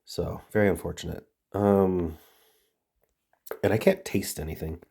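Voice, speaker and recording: Congested man with a low voice, thinking aloud. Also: steady tone, unhurried, creaky, mellow, breathy edge. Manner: muttering, trailing off, reading words aloud. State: congested from a cold. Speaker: puzzle-solving video host. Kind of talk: thinking aloud while solving word puzzles.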